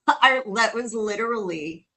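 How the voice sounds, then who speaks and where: Animated woman co-hosting a podcast. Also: a little high. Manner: animated, laughs often, talks in quick asides. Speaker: podcast co-host. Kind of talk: casual podcast chat.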